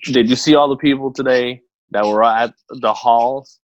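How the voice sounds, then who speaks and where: A man's voice: medium pitch, steady tone, normal speed, no room sound. A man in casual chat among friends who swears freely and repeats himself. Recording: dry, dull lo-fi mic.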